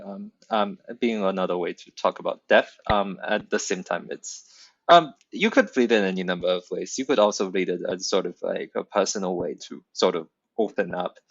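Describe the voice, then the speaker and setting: A man who is not a native English speaker, talking hesitantly with many pauses and fillers about his own poem. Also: deep voice, gravelly, no echo, highs cut off. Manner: hesitant, many ums, thoughtful. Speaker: poet in a workshop. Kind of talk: casual discussion.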